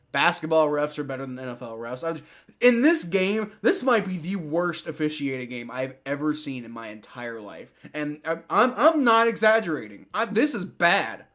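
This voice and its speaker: Man, higher voice, excitable, swearing, live play-by-play reaction. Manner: excitable, swears, repeats himself. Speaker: livestream football reactor.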